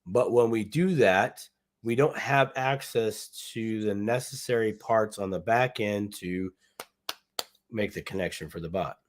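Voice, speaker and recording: A man's voice: fairly low pitch, a little slow. A man co-hosting a casual livestream chat, rambling and joking as he thinks aloud while browsing a website. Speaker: co-host.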